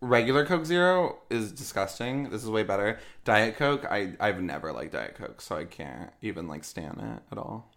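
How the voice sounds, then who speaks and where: A man's voice: on the low side, lively intonation, moderate pace, gravelly, fairly bright tone. A man co-hosting a podcast in casual chat, joking, laughing often and rambling with fillers. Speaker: podcast co-host.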